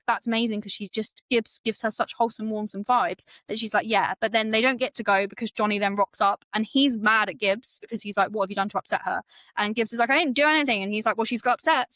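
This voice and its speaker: A woman's voice: mid-range voice, fairly bright tone, no echo. A woman hosting a book podcast, retelling the story in casual chat and acting out the quotes with many fillers.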